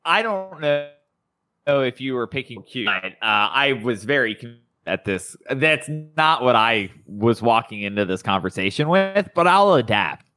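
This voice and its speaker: Casual male host, bright tone, rambly and self-correcting, dry close mic. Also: mid-range voice, very animated, unhurried, no room sound. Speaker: podcast host. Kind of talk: casual podcast chat.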